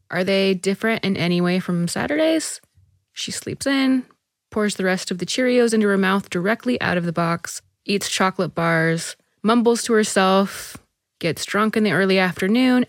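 A woman reading a short story aloud as narrator, measured and even. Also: medium pitch, no room sound, studio quality.

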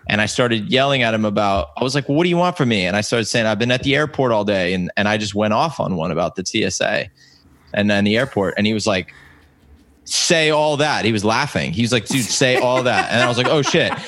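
A man's voice: lowish voice, fast talker, a bit bright, dry recording. A man in his thirties, a comedian, telling stories in a casual chat, rambling and stopping himself with many fillers. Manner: rambling, self-interrupting anecdotes with many fillers. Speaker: comedian guest.

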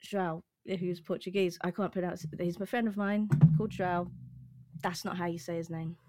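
A woman's voice: lowish voice, fairly even intonation, fairly quick, heavy background noise. A woman with an English accent chatting and musing aloud in a casual podcast conversation. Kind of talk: casual chat.

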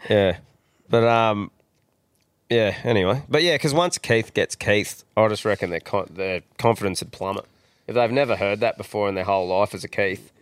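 A man's voice: on the low side, normal speed, clean tone, dry recording. A young Australian man hosting a podcast, chatting in crude, jokey banter and telling stories with animation. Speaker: podcast host. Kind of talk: casual banter.

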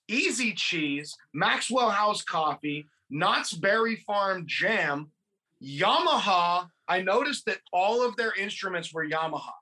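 A man's voice: high-pitched, bright, forceful tone. A man from California co-hosting a podcast, chatting casually, rambling, swearing and laughing. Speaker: podcast co-host. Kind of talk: casual chat about a film.

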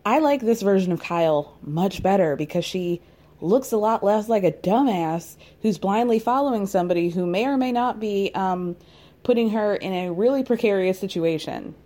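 Young adult woman, mid-pitched, casual gossipy recap host, quick sassy asides, frequent laughs. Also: animated, mellow. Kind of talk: casual commentary.

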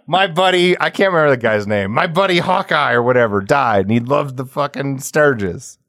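A man's voice: medium pitch, lively intonation, vocal fry, fairly bright tone, no echo, studio quality. A man co-hosting a podcast in casual chat, swearing freely and laughing through his stories. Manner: profane, laughing storyteller; does quick impressions of people in his stories. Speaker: podcast co-host.

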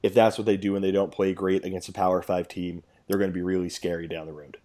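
Mellow-voiced male sports podcast host. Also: deep voice, flat delivery, quick pace. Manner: laughs easily, rambling with restarts. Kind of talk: casual sports podcast chat.

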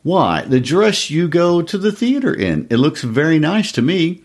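A man's voice: on the high side, sing-song, a little slow, voice pushed up, full character voice. A man voicing an eager, kindly husband.

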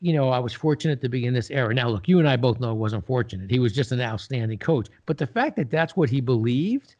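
A man's voice: mid-range voice, fast talker. Older man telling stories, slightly dull recording. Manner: animated storyteller, acts out quoted dialogue. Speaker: podcast guest, business leader. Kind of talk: casual interview storytelling.

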